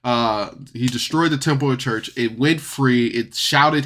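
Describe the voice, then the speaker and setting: Male podcast reviewer, unhurried delivery, bright tense tone, loose chatty rambling. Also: medium pitch. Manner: rambling, chatty, often laughs. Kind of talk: casual solo review.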